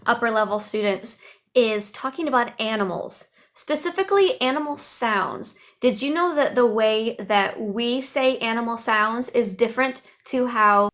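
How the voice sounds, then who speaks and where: A woman's voice: fairly high pitch, a little slow, fairly bright tone. An American woman, an online English teacher, giving upbeat, chatty teaching tips into her phone in a casual vlog. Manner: upbeat, chatty, with playful animal-sound imitations.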